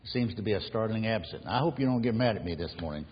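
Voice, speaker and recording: Male pastor, sermon delivery, lowish raspy voice, long church reverb. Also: animated, fast. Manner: earnest preaching, rising emphasis on key words. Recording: dull lo-fi sound in a reverberant hall.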